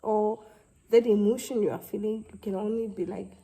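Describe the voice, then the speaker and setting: A young woman, talking to camera in a halting, heartfelt way and close to tears. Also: medium pitch, steady tone, mellow, rough recording. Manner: halting, heartfelt, with many restarts. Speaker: vlogger. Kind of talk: casual talk to camera.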